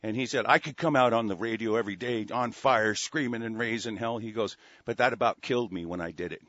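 A man with a lowish, fairly bright voice talks fairly quickly, with no room sound and a dry, dull lo-fi studio quality. Hosting a talk radio show, he delivers an angry call-in rant full of heavy swearing and many stumbling restarts.

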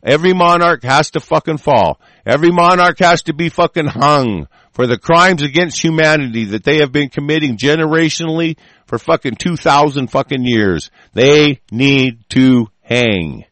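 A man's voice: a little high, moderate pace, few pauses, a bit bright, no room sound. A male host ranting angrily and profanely, often repeating and restarting his phrases. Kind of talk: angry profane rant.

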